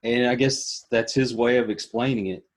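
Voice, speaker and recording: A man's voice: medium pitch, fairly even intonation, moderate pace. A man with a Texan accent hosting a casual interview, friendly and a little rambling. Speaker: podcast host.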